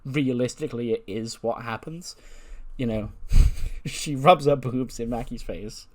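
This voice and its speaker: A man's voice: mid-range voice, unhurried. A man casually narrating his game playthrough in a chatty, wry way, full of fillers and asides. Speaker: let's play host.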